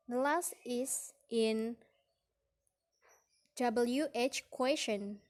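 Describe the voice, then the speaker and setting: Young woman, slow lesson reading, higher voice. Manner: slow, careful reading with acted example sentences. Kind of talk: reading a phonetics lesson aloud.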